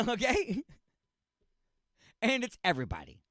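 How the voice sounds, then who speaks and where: A male radio host with a high voice that swings all over the place as he rants through a comedic monologue. He keeps throwing rhetorical questions at the listener and trips over his own restarts. The voice sounds dry and close, with faint music under it. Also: wildly swooping pitch, takes it slowly, fairly bright tone, no echo. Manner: restarts and repeats himself.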